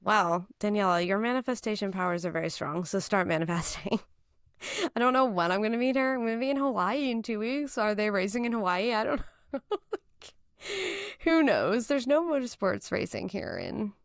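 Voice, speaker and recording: A woman's voice: mid-range voice, expressive, moderate pace, no room sound, studio quality. A young woman hosting a casual motorsport podcast, bubbly and laughing often. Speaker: podcast host. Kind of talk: casual chat. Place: home, in Boston.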